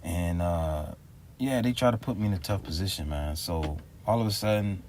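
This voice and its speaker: Deep-voiced man ranting casually. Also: normal speed, a little mellow, a little hiss or hum. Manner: rambling, slangy, exasperated retelling. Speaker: vlogger. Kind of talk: casual vlog storytelling.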